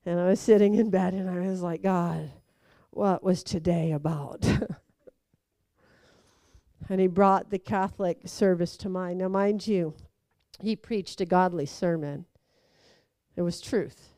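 A woman's voice: on the low side, a little slow, long pauses, no echo. A young woman animatedly telling a personal story, acting out voices and laughing along. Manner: lively, acts out quoted voices, laughs through it.

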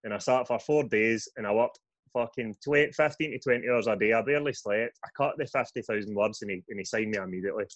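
A young Scottish man, a guest author, telling his story in a sweary, animated podcast chat. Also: on the low side, fast, dry recording, muffled recording. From Scotland.

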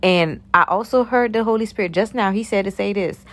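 A young woman giving a casual, preachy talk of faith encouragement to her viewers, animated and calling them honey and sugar plum. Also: mid-range voice, brisk. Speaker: faith-based encourager and YouTuber.

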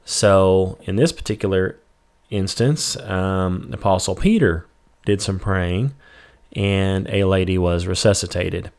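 A man with a low, resonant, clear voice speaks slowly, leading a casual Bible study. He reads scripture aloud and then restates it in plain everyday language, relaxed and sprinkling in "you know" and "um."

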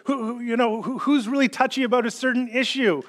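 A middle-aged man preaching a sermon, telling a personal story in an animated, joking way. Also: extremely high pitch, fairly quick. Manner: storytelling, animated and jokey, rising when quoting. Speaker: pastor.

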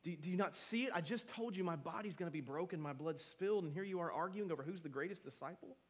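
A male pastor preaching a sermon to his church, his delivery swinging between loud and soft. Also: high-pitched, quick pace, slightly rough.

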